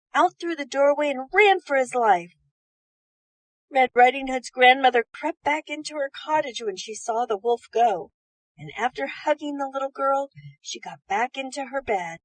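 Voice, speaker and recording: A woman reading bedtime stories aloud in a gentle, soothing manner. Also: high-pitched, lively intonation, unhurried, no room sound, rough recording. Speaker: storyteller.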